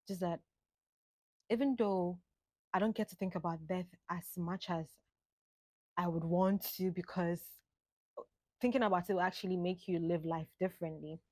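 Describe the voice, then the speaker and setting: A woman, musing aloud in an unhurried reflective monologue. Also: lowish voice, fairly even intonation, a little mellow, dry recording. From Ghana. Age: late 20s. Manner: musing, unhurried, drifts between thoughts. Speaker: vlogger.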